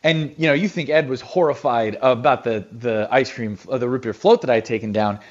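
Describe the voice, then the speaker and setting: A radio host telling a casual anecdote, an animated storyteller with frequent restarts, heard on a radio clip. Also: male voice, medium pitch, a little fast, highs cut off.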